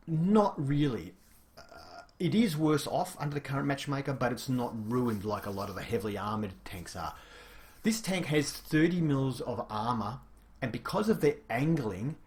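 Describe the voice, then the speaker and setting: Male game reviewer, mid-pitched, casual and chatty, explains things with plenty of fillers.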